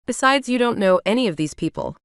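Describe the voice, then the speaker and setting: A woman's voice: a little high, expressive, fast, clear, resonant tone, no echo, clean studio sound, natural voice. Woman voicing a teasing young college guy. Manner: teasing, affectionate.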